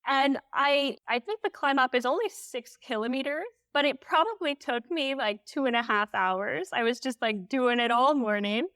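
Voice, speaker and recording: A woman guest on a podcast telling a story candidly, animated and full of "like" fillers. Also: high voice, moderate pace, few pauses, smooth, no room sound, studio quality. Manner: emotional when recalling.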